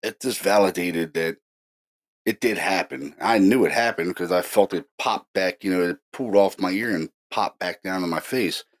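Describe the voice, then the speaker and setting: Low-voiced man telling ghost stories. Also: normal speed. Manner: excited, animated retelling with many fillers. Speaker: paranormal investigator host. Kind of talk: casual storytelling.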